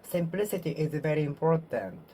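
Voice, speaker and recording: Low-voiced woman practicing English alone. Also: lively intonation, dark tone, a little hiss or hum. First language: Japanese. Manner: slow, repetitive, self-correcting practice speech. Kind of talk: self-study speaking monologue.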